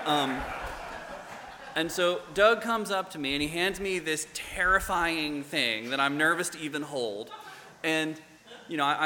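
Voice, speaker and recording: A young man tells a story to a church gathering, his bright, forceful voice ringing through a long, echoey hall. He talks haltingly, with restarts and fillers, and his voice sits a bit high for a man. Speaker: guest storyteller. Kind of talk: personal storytelling to a congregation.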